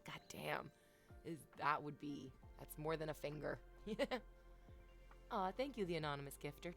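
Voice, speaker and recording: A woman with a slightly low voice chats with her stream audience from home, playful and crude. She teases her viewers directly in a loose, unscripted way, with faint music behind her. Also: moderate pace, vocal fry. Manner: playful, teasing and crude, talking straight to chat. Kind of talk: casual live-stream chat. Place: home, talking to viewers with her dog nearby. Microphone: desk microphone, off camera.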